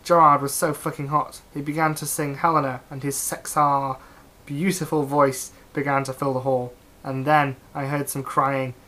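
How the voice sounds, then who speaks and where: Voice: medium pitch, level tone, moderate pace, sharp tone. Dry, straight-faced comedic reader. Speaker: reader of fan fiction. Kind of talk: mock-serious comedic reading aloud.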